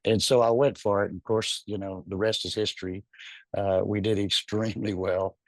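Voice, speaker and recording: Effusive low-voiced Southern man. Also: steady tone, moderate pace, no room sound. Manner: warm, effusive, exuberant. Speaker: business leader. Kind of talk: enthusiastic webinar remarks. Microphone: video call.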